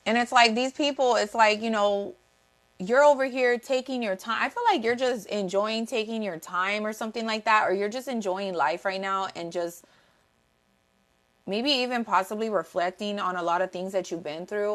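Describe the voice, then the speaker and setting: A woman's voice: mid-range voice, moderate pace. A woman giving a casual tarot reading, blunt and profane, repeating herself for emphasis and greeting viewers in the chat. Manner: talks to live chat viewers. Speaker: tarot reader.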